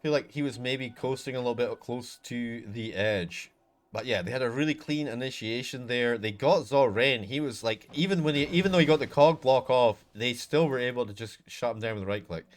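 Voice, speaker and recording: A man casting a live esports match, calling plays excitedly and then breaking down the fight in a relaxed way. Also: medium pitch, brisk. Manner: excitable play-by-play shifting to relaxed analysis. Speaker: esports caster. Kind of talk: live game commentary.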